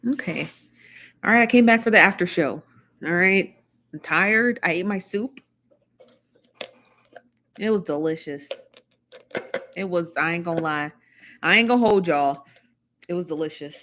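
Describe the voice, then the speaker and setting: A woman's voice: lowish voice, measured pace, long pauses, background noise. A woman hosting a casual livestream, chatting to viewers and greeting them one by one. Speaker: livestream host.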